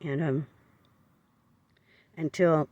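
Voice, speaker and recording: A man's voice: on the high side, fairly even intonation, extremely slow, a little mellow, no room sound, highs cut off. A man telling a personal story to camera in an earnest, confessional way, often stopping to restart and repeat his phrases. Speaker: vlogger.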